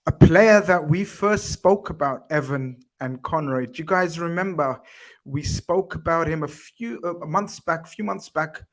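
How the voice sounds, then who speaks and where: A man's voice: fairly high pitch, unhurried. A man hosting a casual football chat show, chatty and teasing his guests. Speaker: podcast host.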